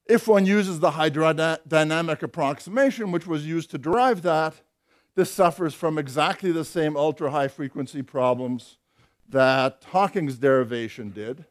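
Older male physics lecturer, slightly higher voice, dry wit, measured delivery with hesitations. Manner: explanatory, dry wry humour, hesitant fillers. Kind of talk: academic lecture.

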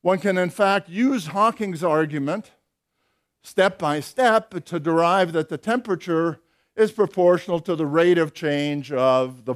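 An older man lecturing on physics in a slightly high-pitched voice. He explains carefully and methodically, pausing on fillers now and then and slipping in dry, wry asides. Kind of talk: academic lecture.

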